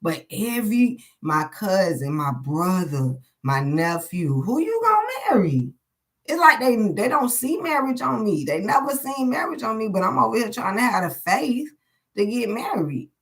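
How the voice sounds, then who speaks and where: A woman's voice: medium pitch, lively intonation, moderate pace. A woman giving a casual live tarot reading, talking frankly and rambling, cursing freely, with short laughs between thoughts. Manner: profane, candid and rambling, thinking aloud. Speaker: tarot card reader.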